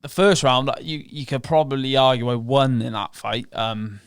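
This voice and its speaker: A man's voice: medium pitch, steady tone, moderate pace, clean tone, no echo, clean studio sound. Blunt, swearing man retelling a fight. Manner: frank and profane, relives moments with quoted inner thoughts. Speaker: podcast guest, professional MMA fighter. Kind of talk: casual interview storytelling.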